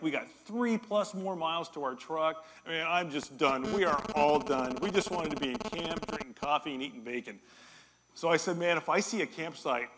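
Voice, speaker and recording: A middle-aged man preaching a sermon as a pastor, telling a story with animated energy and joking with his congregation. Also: on the high side. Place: church hall.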